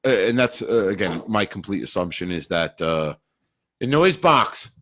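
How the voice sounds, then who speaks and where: Lively-voiced man in casual podcast chat. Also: low-pitched, normal speed. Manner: animated, laughing, does comic put-on voices. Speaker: podcast co-host.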